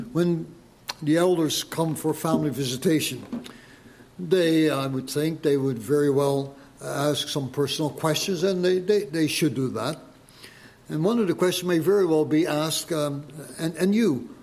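A man preaching a sermon to his congregation, slow and deliberate, pressing his listeners with emphatic questions. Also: a little high. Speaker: pastor.

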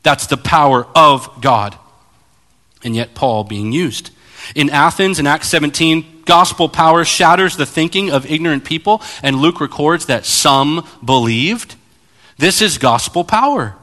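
Animated preacher in a reverberant hall. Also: male voice, fairly high pitch, unhurried. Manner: animated, acts out Bible scenes. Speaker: pastor. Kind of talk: sermon.

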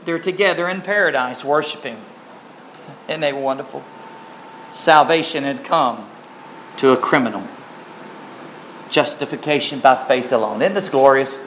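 A man preaching a sermon in a slow, earnest, heartfelt way, with emphatic rises and an occasional cleared throat. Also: high-pitched, fairly bright tone, slight background noise. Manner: clears throat now and then.

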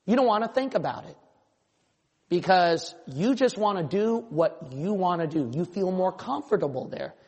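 Male pastor, impassioned sermon, high voice, long church reverb. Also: animated, normal speed, darkish tone, slightly rough. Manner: impassioned preaching, voicing imagined listeners.

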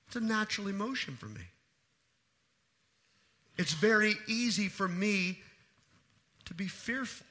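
A married man preaching an evening sermon, pressing his points by repeating them and swinging from hushed to loud. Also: high-pitched, lively intonation, a little slow, pauses often. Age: adult. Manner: emphatic preaching with repeated phrases. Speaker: pastor.

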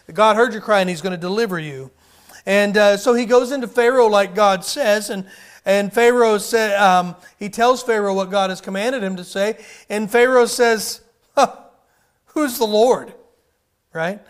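High-voiced pastor preaching conversationally. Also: male voice. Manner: conversational preaching with rhetorical questions. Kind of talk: sermon.

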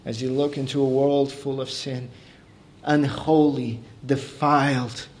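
A man preaching a sermon, explaining calmly and then building to raised, emphatic delivery. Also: mid-range voice, unhurried, a little hiss or hum.

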